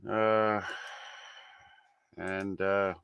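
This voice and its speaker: A man's voice: low voice, little pitch movement, very slow, gravelly, a bit bright, smooth, no echo, muffled recording. A male host in casual live-stream chat, weary and sarcastic.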